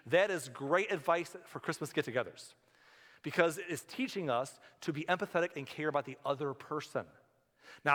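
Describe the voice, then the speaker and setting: A man with a medium-pitched, somewhat bright voice preaches as a pastor in a church sanctuary, where the hall reverberates. His delivery is conversational, and he regularly imitates the voices of those he talks about.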